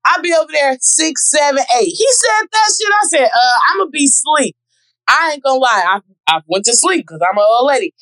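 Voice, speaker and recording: A woman telling a dating story in a casual group chat, loud and animated, often shouting. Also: high voice, brisk, dry recording, poor audio.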